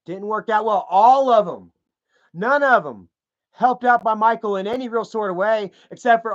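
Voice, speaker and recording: A man's voice: high voice, normal speed. A man giving profane, heated commentary to his viewers, ranting as he browses online pages. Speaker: commentary vlogger. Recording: dull lo-fi sound.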